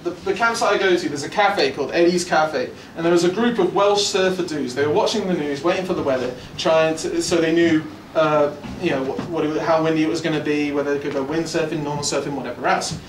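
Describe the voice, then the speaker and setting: A young man doing a stand-up comedy set, rambling and swearing, jumping to loud punchlines, from England. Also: on the high side, quick pace, few pauses, a little hiss or hum. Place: comedy club stage. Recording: roomy club recording from far off. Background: audience laughter.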